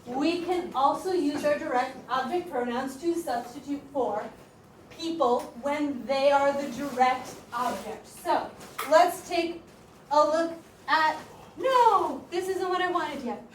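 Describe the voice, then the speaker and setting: A woman teaching a classroom grammar lesson as a high school Spanish teacher, talking in a lively, chatty way with lots of "like". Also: takes it slowly. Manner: lively, chatty, uses "like" often. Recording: echoey classroom, voice far from mic, faint room noise.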